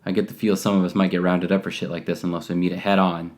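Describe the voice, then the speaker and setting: A man doing a gruff, blunt tough guy. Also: low voice, level tone, fast, lightly acted. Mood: urgent. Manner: gruff, commanding.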